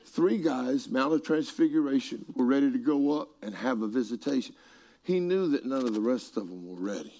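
A man preaching a sermon, telling stories with asides to people in the room and swinging from hushed tones to shouts. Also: mid-range voice, lively intonation, moderate pace.

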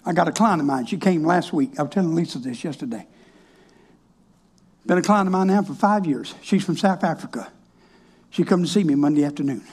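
Folksy husky-voiced male pastor. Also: on the high side, lively intonation, fairly quick, pauses often, darkish tone. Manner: folksy, colloquial, switches between quoted voices. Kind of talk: folksy sermon storytelling.

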